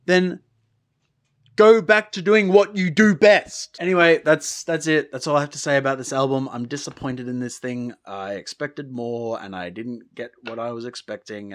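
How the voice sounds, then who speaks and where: A man giving a ranting music review to camera, sarcastic and exasperated, swearing and swinging from low muttering to loud outbursts.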